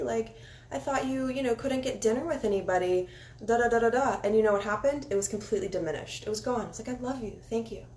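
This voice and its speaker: A woman giving a casual spiritual oracle card reading, candid and encouraging, sometimes dropping into soft meditation guidance. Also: a little high. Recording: echoey room with faint ambient noise.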